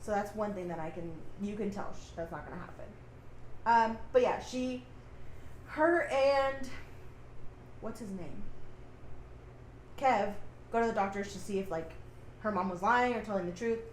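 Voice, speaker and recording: A woman's voice: medium pitch, moderate pace, pauses often, a little hiss or hum. Young woman with a roomy echo. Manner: hesitant, laughs easily, reads from notes. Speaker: podcast co-host. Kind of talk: casual TV recap chat.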